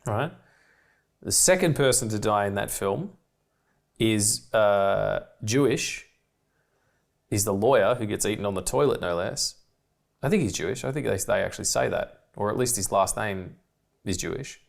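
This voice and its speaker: Male podcast co-host from Australia, talks fast and manically, casual, sweary film-commentary rambler. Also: lowish voice, gravelly. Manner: rambling, excitable, swears freely, laughs often.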